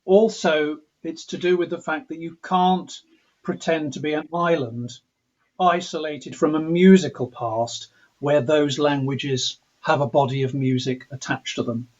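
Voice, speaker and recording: A man's voice: on the high side, fairly even intonation, unhurried, muffled recording. An English man, a composer, talking reflectively in an interview, often restarting and repeating words as he thinks. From England. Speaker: composer guest. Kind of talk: thoughtful conversational interview.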